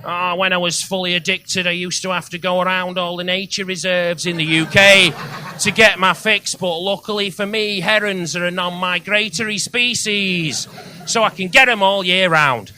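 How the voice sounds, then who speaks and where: A man's voice: high-pitched, fairly even intonation, moderate pace, sharp tone, slight background noise. A man putting on a rambling ex-addict. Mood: earnest. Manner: odd put-on accent, chatty confession. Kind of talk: stand-up comedy bit.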